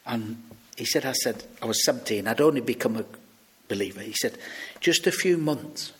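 A man's voice: medium pitch, moderate pace. A British man preaching a sermon, telling stories and acting out the people he quotes. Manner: storytelling, lively, acts out quoted voices.

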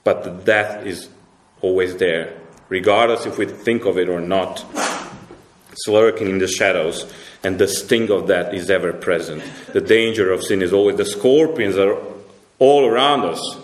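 A man preaching a sermon as pastor, emphatic and repetitive, climbing up in pitch when he presses a point and dropping quiet for grave lines. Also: normal speed, a little hiss or hum. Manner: emphatic, repeats words and restarts, rises sharply when stressing a point. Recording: roomy echo.

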